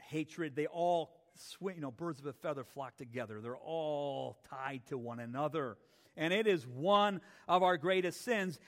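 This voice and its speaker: A man preaching as pastor to his church, animated, acting out quotes and putting questions to the congregation. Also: a little high, in a large hall. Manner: animated, acts out voices and asks the congregation questions. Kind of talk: sermon. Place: church sanctuary.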